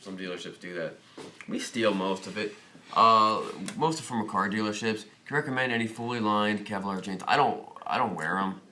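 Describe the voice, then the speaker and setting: A bright, forward-sounding man chatting through a casual livestream. He rambles and jokes while answering viewer questions. The room is echoey, with a faint hiss underneath. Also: lowish voice, normal speed. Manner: rambling, jokey, thinks aloud. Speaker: host of a motorcycle dealership livestream.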